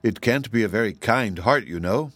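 A man's voice: lowish voice, expressive, moderate pace, a bit bright, no echo. A man doing an eager, frank young wanderer. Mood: earnest. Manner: musing and earnest. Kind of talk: audiobook character reading.

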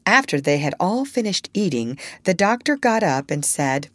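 Expressive woman reading a storybook. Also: lowish voice, normal speed, no echo, clean studio sound. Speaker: narrator.

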